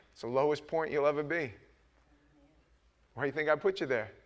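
A middle-aged man preaching a sermon as pastor, talking with the congregation and swinging between hushed asides and loud, emphatic bursts. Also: on the high side, moderate pace. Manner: conversational, asks the congregation questions.

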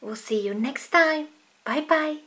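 A woman's voice: sits high, measured pace. A woman voicing dolls in a toy-play video, in a childlike, sing-song way. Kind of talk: toy play with doll voices.

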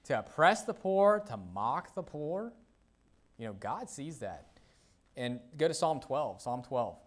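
Conversational pastor preaching, okay-filled delivery. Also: male voice, medium pitch, sing-song, measured pace. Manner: conversational, peppered with "okay?" and "you know"; reads scripture aloud in King James wording. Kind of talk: sermon.

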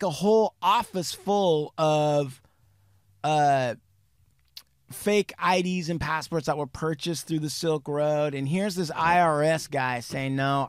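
In a dry, studio-quality recording, a man with a somewhat high voice hosts a true crime podcast in casual chat. He acts out quotes, swears without holding back, and his animated delivery keeps changing pace.

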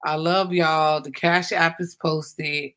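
A woman's voice: sits low, flat delivery, slow, a bit bright. A woman hosting a casual livestream, rambling and chatty as she reads out viewers' comments. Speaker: livestream host.

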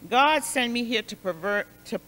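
A woman Sunday school superintendent telling a Bible lesson as a story, expressive and repeating phrases for emphasis, in a church. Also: a little high, normal speed. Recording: long hall reverb.

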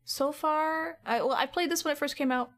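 A woman's voice: high-pitched, normal speed, fairly bright tone. Chatty woman streaming a game. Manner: chatty, rambling. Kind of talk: casual gameplay chat.

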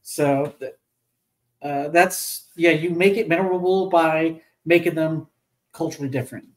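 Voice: mid-range voice, poor audio. Panel guest giving tips, lots of um and uh, stops and starts. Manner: halting advice with many fillers. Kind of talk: casual panel discussion.

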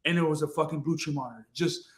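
A high-pitched man tells his story as a podcast guest. He talks in an excitable, rambling way, swearing freely and repeating phrases. The recording has a noticeably roomy echo. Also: fast talker. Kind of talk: casual storytelling.

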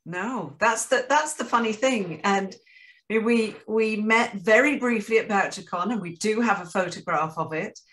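A woman's voice: medium pitch, unhurried, a bit bright. A woman author from the UK chatting on a video call, polite and a little hesitant. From United Kingdom. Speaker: author guest. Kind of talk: casual chat on a video call.

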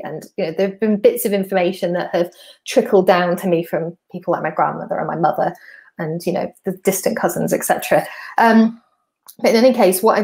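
A woman's voice: medium pitch, a little mellow. A woman from North Wales, hosting a podcast and chatting through her slides step by step. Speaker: podcast host. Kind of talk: casual explanatory walkthrough of slides.

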